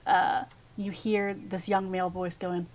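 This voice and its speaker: A woman narrating a tabletop game as dungeon master, describing scenes at length with many filler pauses. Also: fairly low pitch, little pitch movement, a little hiss or hum.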